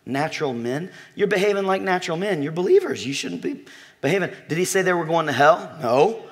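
A man preaching a sermon to a congregation, animated and joking, telling a story and talking directly to his listeners. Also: high voice, brisk, gravelly. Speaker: pastor.

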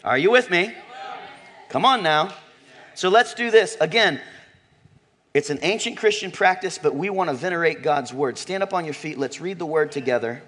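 A man preaching to his church congregation with a bright, slightly high voice. He talks with emphatic swings, dropping to quiet asides, then climbing to near-shouts and stretching out key words. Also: animated, normal speed. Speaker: pastor. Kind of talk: sermon. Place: church sanctuary.

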